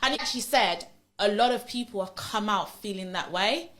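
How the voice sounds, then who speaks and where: In a casual podcast conversation, a woman with a medium-pitched voice tells a story at a moderate pace. She's animated and acts out the lines of the people involved.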